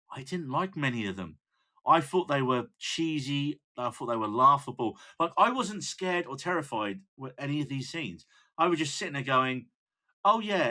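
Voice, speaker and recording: Male co-host, casual chat, bright and forceful, blunt opinions. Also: medium pitch. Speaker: podcast co-host.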